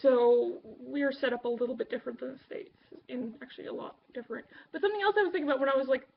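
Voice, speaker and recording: High-voiced Canadian woman rambling. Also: fast talker, creaky, muffled recording, slight background noise. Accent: Canadian English. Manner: rambling, full of ums and uhs, offhand. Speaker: vlogger. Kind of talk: casual chat to camera.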